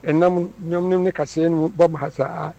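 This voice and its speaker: A man, describing his ailments haltingly and stammering on syllables. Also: a little high, fairly even intonation, creaky, mellow, dull audio. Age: 80s. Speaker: elderly congregant seeking healing. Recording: background noise.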